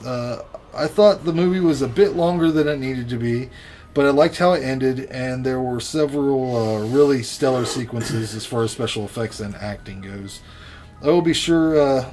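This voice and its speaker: A man co-hosting a podcast, chatting casually about horror films with a profane, joking, animated delivery. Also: mid-range voice. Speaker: podcast co-host. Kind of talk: casual movie review chat.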